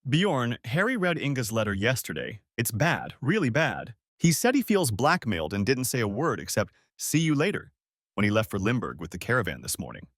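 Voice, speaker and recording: A man voicing a worried, gentle wife who speaks in a soothing way. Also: medium pitch, huge pitch swings, brisk, no room sound, studio quality.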